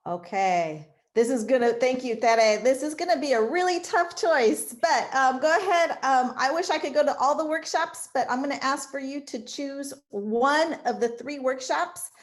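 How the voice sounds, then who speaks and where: A woman's voice: high-pitched, normal speed, hardly any pauses. A woman moderating an online event over a video call, upbeat and friendly as she makes announcements. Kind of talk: announcing breakout rooms.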